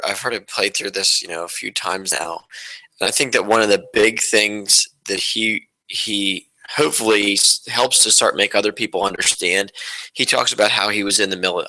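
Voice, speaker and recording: A man's voice: on the low side, normal speed, pushed and bright, poor audio. A male guest on a radio show, giving his reaction in a hesitant way with many restarts. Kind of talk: talk radio discussion.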